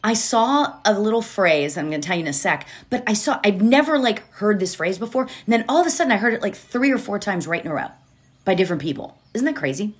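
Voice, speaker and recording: A woman giving a gentle, reflective motivational talk from home, repeating key phrases and asking rhetorical questions. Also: medium pitch, lively intonation, fast talker. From United States. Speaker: mindfulness speaker.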